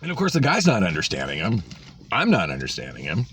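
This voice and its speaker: Sarcastic man ranting with a lively voice. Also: deep voice, quick pace, a little hiss or hum. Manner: exasperated, sarcastic, profane. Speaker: vlogger. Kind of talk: ranting vlog storytelling. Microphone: phone.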